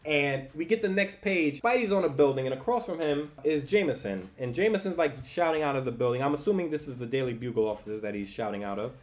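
Animated male comic book reviewer. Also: mid-range voice, fast, hardly any pauses. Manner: animated and enthusiastic, with frequent restarts. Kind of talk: casual commentary.

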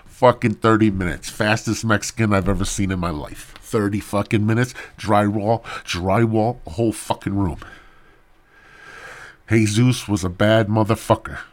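A man's voice: on the low side, steady tone, normal speed. A man hosting a podcast who rambles through a crude, mock-serious comedic story on a podcast mic. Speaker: podcast host. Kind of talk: profane comedic rant.

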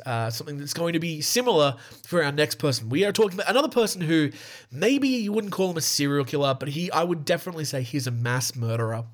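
A young man tells a true-crime story on his podcast in a fairly high voice. He reads prepared passages, then breaks off into casual, swearing asides. The delivery stays loose and conversational throughout. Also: husky. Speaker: podcast host.

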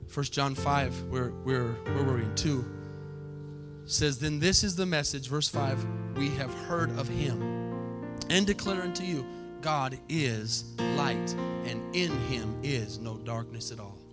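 A man preaching a sermon to his church, impassioned, swinging from soft reflection to near-shouted, chanted exhortation. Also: medium pitch, a little slow, loud music behind the voice. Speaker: pastor. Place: church sanctuary.

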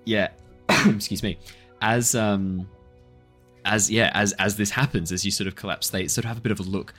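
A man's voice: on the low side, fairly even intonation, moderate pace, a bit bright, faint music behind. A man narrating as game master of a tabletop game in a casual, hedging way.

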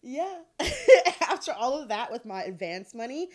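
Podcast guest: woman with a fairly high voice, blunt and animated. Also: measured pace. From Detroit, USA. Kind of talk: candid casual storytelling.

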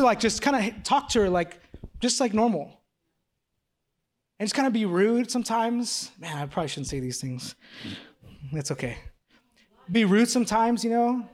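A man's voice: high voice, animated, normal speed, long pauses. A man in his thirties preaching a sermon. He talks casually and jokingly, full of "like" and restarts, then builds to pressing repeated questions. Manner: casual, joking, confessional, with many fillers and restarts. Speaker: pastor.

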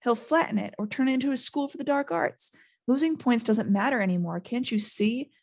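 A woman's voice: fairly high pitch, fairly quick, pitched above the performer's own voice. A woman reading as a determined eleven-year-old boy, urgent and earnest.

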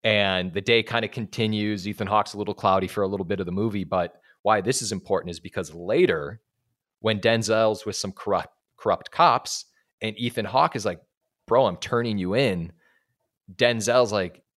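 A man with a fairly low voice co-hosts a podcast, talking a bit fast as he walks through a movie scene. Swearing casually, he brings it to life by acting out the dialogue.

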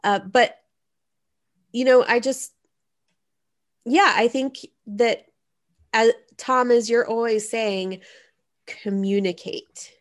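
A woman's voice: fairly high pitch, fairly even intonation, slow pace, pauses often. A woman co-hosting a casual comedy advice podcast, chatty and loose, often saying "like" and swearing offhandedly. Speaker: podcast co-host.

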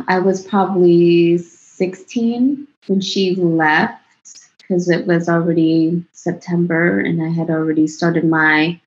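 Chatty woman with a lowish voice, lo-fi. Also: a little mellow. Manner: chatty, laughs often, trails off and restarts. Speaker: interview guest. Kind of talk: casual personal storytelling. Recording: dull lo-fi sound.

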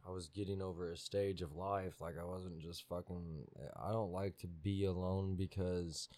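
Blunt, very deep-voiced man. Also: little pitch movement, normal speed, a little mellow, no room sound. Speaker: podcast guest. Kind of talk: casual chat.

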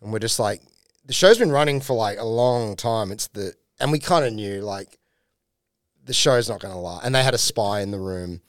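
A man's voice: on the low side, moderate pace, dry recording, clean studio sound. A man with an Australian accent telling a comedy-scene story on a podcast, swearing freely and acting out what people said. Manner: profane, animated, acts out quotes. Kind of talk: casual storytelling chat.

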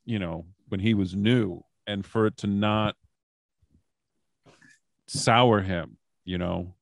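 Gravelly low-voiced man telling stories. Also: steady tone, slow, dry recording. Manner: rambling, many fillers and restarts. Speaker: podcast guest. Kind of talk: casual storytelling.

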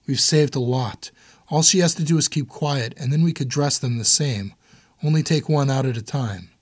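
An anxious young husband talks in a tense, defensive way, as an audiobook narrator puts him on. His voice is husky and a little raised. The recording is dry. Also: medium pitch, normal speed, no room sound.

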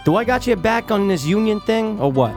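Man as a tense tough-guy mobster, stammering, over clear music. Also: sits high, lively intonation, a little fast, pitched above the performer's own voice. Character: edgy male mobster negotiating a deal.

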